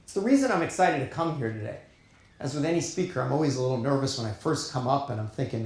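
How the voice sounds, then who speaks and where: A middle-aged man with a New York accent giving an earnest, emphatic keynote speech at a conference, pausing deliberately for weight. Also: mid-range voice, very animated. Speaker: keynote speaker. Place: conference hall on stage. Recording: echoey conference hall.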